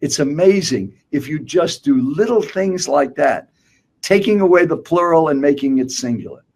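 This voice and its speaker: A man's voice: a little high, animated, normal speed, darkish tone. Emphatic older man coaching speakers. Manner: emphatic, rhetorical questions, addresses listener directly. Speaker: guest speaker.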